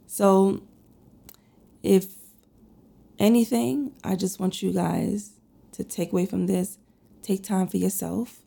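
A woman's voice: medium pitch, creaky, dark tone, husky. A woman in her thirties, getting over a cold, chatting candidly to her listeners in a rambling way with many fillers. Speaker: podcast host and lash artist. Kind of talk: casual personal chat to listeners.

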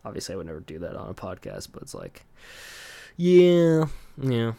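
A man's voice: sits low, huge pitch swings, fast talker, creaky, a little mellow. A young man hosting a casual solo podcast, rambling with lots of fillers and laughing at himself. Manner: rambling, filler-heavy, self-deprecating, laughs often. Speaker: podcast host.

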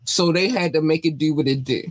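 A woman's voice: low-pitched, fairly quick, no echo, low-quality recording. A young woman from North Carolina hosting an entertainment podcast, ranting in a blunt, profane, scolding way. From North Carolina, USA. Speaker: podcast host. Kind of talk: entertainment news podcast commentary.

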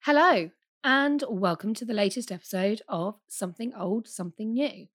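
A woman with a croaky, hoarse voice, hosting a casual podcast chat in a chatty, teasing way. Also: medium pitch, normal speed. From United Kingdom. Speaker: podcast host.

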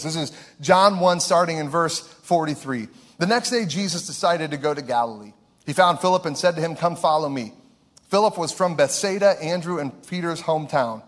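A male pastor from Ohio preaching a sermon in an earnest, emphatic way, repeating his key phrases. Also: a little high.

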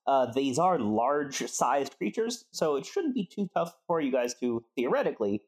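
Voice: medium pitch, sing-song, normal speed, darkish tone. A game master explaining the rules of a skill check to the players, step by step, with many fillers. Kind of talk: running a tabletop game session.

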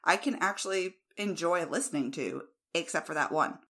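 An American woman co-hosts a podcast, chatting casually, speaking frankly and with strong opinions, and laughing easily. Her voice is lowish and fairly bright at normal speed.

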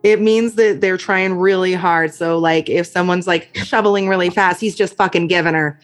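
A woman's voice: on the low side, fairly even intonation, moderate pace, faint music behind. A woman hosting a podcast, playfully quizzing her guest in casual chat. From Canada. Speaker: podcast host.

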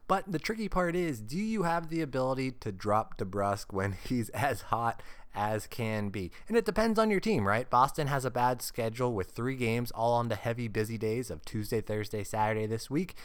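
A man's voice: mid-range voice, expressive, normal speed, clear, resonant tone. A man hosting a solo sports podcast, upbeat and jokey, often laughing mid-sentence. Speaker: podcast host.

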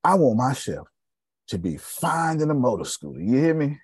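A man's voice: medium pitch, moderate pace, husky, dry recording. A man, giving a casual, joking sales seminar and checking in with his audience. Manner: animated, joking, asks the room for agreement. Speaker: sales coach. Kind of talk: casual seminar talk to a group.

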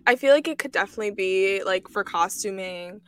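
A woman's voice: mid-range voice, brisk, fairly bright tone, clean tone. A young woman in casual chat as a podcast co-host, enthusiastic and filler-heavy.

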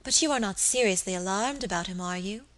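A woman's voice: mid-range voice, fairly quick, fairly bright tone, lightly acted. A woman reading the part of a pretty, anxious young lady of the house who talks eagerly.

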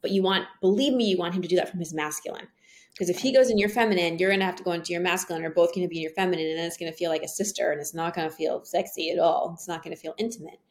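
A woman speaking as a guest in a casual interview, telling stories in an earnest, animated way. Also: fairly low pitch.

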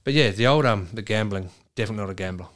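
A man's voice: on the low side, racing, a little hiss or hum. An Australian man, a racing driver, telling sweary stories in a casual chat. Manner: sweary, storytelling, animated.

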